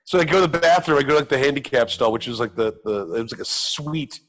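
A man's voice: medium pitch, animated, quick pace, fairly bright tone. A middle-aged man casually telling a self-mocking, profane story on a talk show, acting out the other people's lines. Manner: profane, self-mocking, acts out quoted voices.

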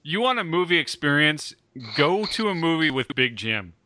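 A man with a very bright, sharp voice tells a teasing story about a friend. He talks quickly and laughs between lines. The recording is dry and close. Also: on the high side, very animated, no room sound. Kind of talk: casual chat.

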